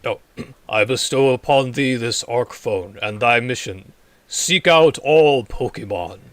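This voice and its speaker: Man doing a solemn deity voice, archaic, formal, slow, lowered. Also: no room sound, close to an everyday voice.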